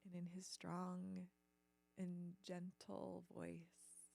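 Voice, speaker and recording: Woman, host, earnest halting storytelling, heavy vocal fry, lowish pitch. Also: fairly even intonation, darkish tone, slight background noise. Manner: earnest, halting, many fillers. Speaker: business channel host. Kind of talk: personal storytelling.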